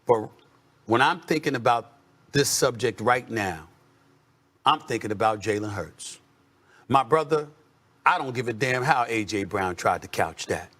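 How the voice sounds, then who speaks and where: A man hosting a sports debate show, arguing with emphatic rhetorical questions and drawn-out, sing-song stresses. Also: mid-range voice, animated, fairly bright tone. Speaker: sports talk host.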